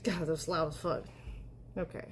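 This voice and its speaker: A woman's voice: sits low, level tone, normal speed, slight background noise. A woman live-streaming in a casual, chatty way, talking aloud as she tests an app.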